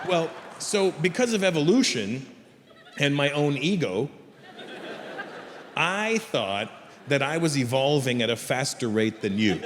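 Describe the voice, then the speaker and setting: A man doing stand-up comedy, telling stories in a brash, profane, animated way before a live audience. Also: medium pitch, a little slow, long pauses, a little hiss or hum. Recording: reverberant live stage with crowd.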